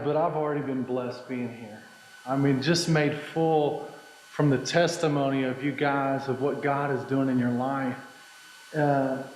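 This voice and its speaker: A man preaches a fervent graduation address, his fairly high voice building through repeated phrases. He speaks into a headset mic, and his words ring with echoing hall reverb over a faint hum. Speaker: guest speaker, associate pastor. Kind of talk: graduation sermon. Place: ceremony hall. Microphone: earpiece headset mic.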